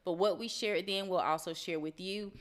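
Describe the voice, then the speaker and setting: A woman co-hosting a late-night motivational live stream, speaking calmly and backing her partner with short affirmations. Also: lowish voice, moderate pace. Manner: calm, affirming, adds short agreements.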